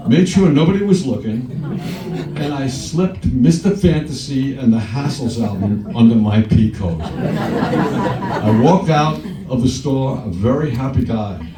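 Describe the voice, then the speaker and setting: A man's voice: mid-range voice, noisy background. A man from Long Island giving a joking, anecdotal induction speech at a podium, laughing between stories. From Long Island, New York. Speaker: inducting presenter at a hall of fame ceremony. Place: large event hall. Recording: echoey hall recorded from far off.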